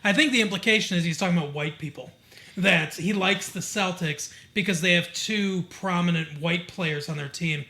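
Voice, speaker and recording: A podcast co-host from Michigan talks at normal speed in a fairly high, bright voice, chatting loosely about a TV show. He rambles with plenty of fillers and slips into characters' lines when retelling scenes.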